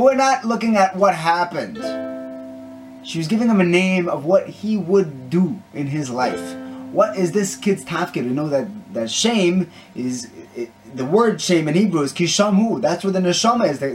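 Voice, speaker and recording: A man's voice: high-pitched, expressive, normal speed. A man giving a short Torah talk with a story, speaking in an earnest, conversational way and often restarting his sentences. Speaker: Torah teacher. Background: guitar music.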